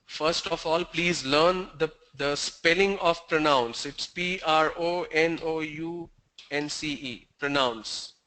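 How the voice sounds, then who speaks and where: A man's voice: fairly high pitch, slow pace, sharp tone. A man teaching pronunciation, strictly answering students' questions and spelling words out letter by letter.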